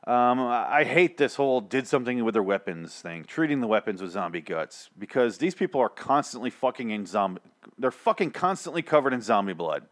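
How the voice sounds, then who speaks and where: A man giving a casual, ranting recap of a television episode, sarcastic and full of swearing and fillers. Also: mid-range voice. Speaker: show recap commentator. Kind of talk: casual profane recap monologue.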